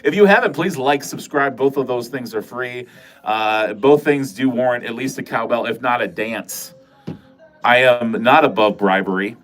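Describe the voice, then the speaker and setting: A man's voice: mid-range voice, normal speed, fairly bright tone, soft background music. A middle-aged man hosting a casual livestream from a corner of his home, chatting with viewers in a rambling, self-mocking and profane way. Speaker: livestream host. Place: corner of a home filming room.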